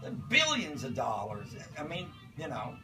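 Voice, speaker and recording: An older man telling a rambling personal anecdote, acting out voices and breaking into shouts. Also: mid-range voice, a little slow. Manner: animated, acts out voices and shouts in his stories. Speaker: storyteller. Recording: distant mic with loud music behind.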